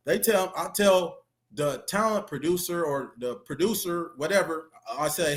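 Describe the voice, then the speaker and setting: A man's voice: on the high side, unhurried. A man giving a casual interview, retelling a story with street slang and lots of fillers. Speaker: interview guest, former reality show contestant.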